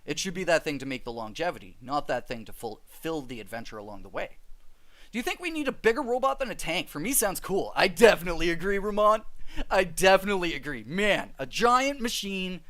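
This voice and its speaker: A man's voice: fairly high pitch, a little fast. Guy streaming a game and reading chat, bouncy voice that jumps all over, laughs a lot. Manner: animated, laughs often, chatty with viewers.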